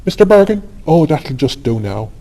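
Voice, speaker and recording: A man voicing an eager young woman who politely pairs up dance partners in a quick, coaxing way. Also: fairly high pitch, very animated, mellow, pitched above the performer's own voice, rough recording.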